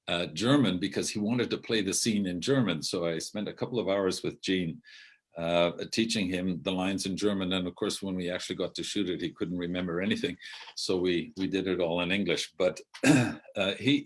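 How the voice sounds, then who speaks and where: An older man, a theatre director, telling rambling anecdotes with many self-corrections and asides. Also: low voice. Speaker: outgoing theatre artistic director.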